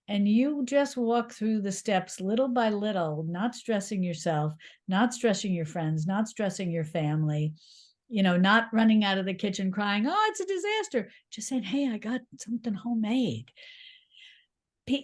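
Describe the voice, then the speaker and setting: Middle-aged woman telling lively stories. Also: medium pitch. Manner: lively storytelling, laughs often; encouraging, reassuring. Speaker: cookbook author guest. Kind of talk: conversational interview.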